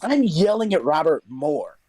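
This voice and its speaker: A man's voice: fairly high pitch, sing-song, measured pace, a crowd in the background. A young man co-hosting a podcast, telling a story in casual chat, swearing a lot and talking with animation. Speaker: podcast co-host.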